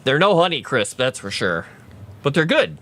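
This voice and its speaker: A man's voice: on the high side, big pitch swings, normal speed, pushed and bright. A man chatting casually on a livestream, rambling and answering viewers' chat. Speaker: streamer.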